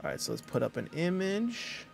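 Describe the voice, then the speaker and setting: A male game streamer talks casually through a live session, greeting viewers by name and reading chat aloud. His voice sits a touch higher than typical for a man, and he keeps up easy, friendly chatter. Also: very animated, normal speed, vocal fry, faint music behind.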